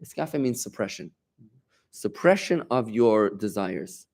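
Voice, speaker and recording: A middle-aged man, a rabbi, giving an informal Torah class in an animated, emphatic way, bantering with his listeners. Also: lowish voice, a little slow.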